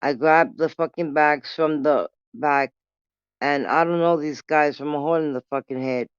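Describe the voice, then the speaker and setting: A woman's voice: low-pitched, fairly even intonation, normal speed, clean tone, no echo, lo-fi sound. Profane New woman spinning a story. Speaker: vlogger. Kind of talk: casual storytelling.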